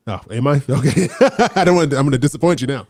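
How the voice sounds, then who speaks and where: A man's voice: mid-range voice, lively intonation, fast talker, mellow, no room sound, clean studio sound. A man co-hosting a casual live chat, laughing often and playfully teasing his co-host. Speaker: podcast co-host.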